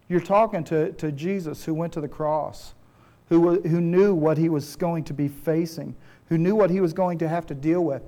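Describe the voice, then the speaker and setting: A man's voice: fairly high pitch, steady tone, moderate pace, mellow. A man preaching a sermon to his congregation in an earnest, conversational way, often restarting his phrases. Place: church.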